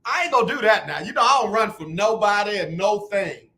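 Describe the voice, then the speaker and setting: A man hosting a sports talk radio show, teasing callers and trash-talking loudly. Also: high voice, animated, fairly quick.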